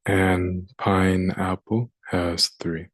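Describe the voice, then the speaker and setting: Slow, low-voiced man teaching phonics. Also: level tone, dry recording. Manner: slow and deliberate, sounding out words. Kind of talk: phonics lesson.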